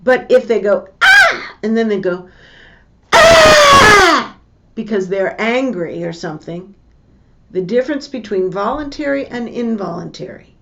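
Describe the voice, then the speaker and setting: An older woman giving a lesson with personal stories, talking in a slow, measured way and repeating her key points. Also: medium pitch, expressive, gravelly, darkish tone, a little hiss or hum. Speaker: teacher.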